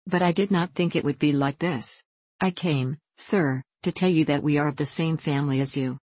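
A woman's voice: deep voice, normal speed, a little mellow, no echo. A woman reading the part of a shy young country girl who speaks hesitantly and stammers.

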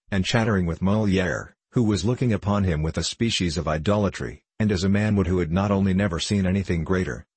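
A man narrating a classic novel as an audiobook, in a steady, even storytelling manner. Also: low voice, husky, no room sound.

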